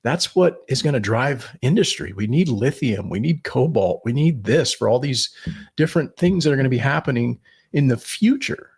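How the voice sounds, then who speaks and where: Gravelly, husky man. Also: mid-range voice, expressive, normal speed, darkish tone. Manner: blunt, swears, rambling with restarts. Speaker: podcast co-host. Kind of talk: political opinion talk.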